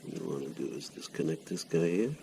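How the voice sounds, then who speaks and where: A middle-aged home mechanic with a very low, vocal-fry voice talks through a motorcycle repair step by step as he works with his hands, breathing hard throughout. His casual how-to is plain-spoken and practical, yet expressive and fairly quick, against heavy background noise in his home garage.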